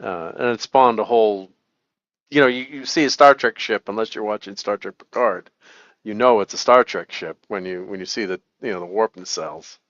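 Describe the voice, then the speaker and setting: A man's voice: fairly low pitch, normal speed, a bit bright, dry recording, muffled recording. A middle-aged man hosting a casual live stream from home, rambling and laughing often as he shows things off. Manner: chuckling, rambling, lots of laughter. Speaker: host.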